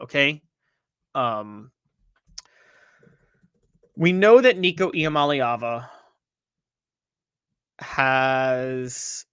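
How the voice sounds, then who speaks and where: Bright, emphatic male sports host. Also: mid-range voice, clear, resonant tone, no echo. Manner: animated, emphatic, reads posts aloud. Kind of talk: opinionated sports commentary.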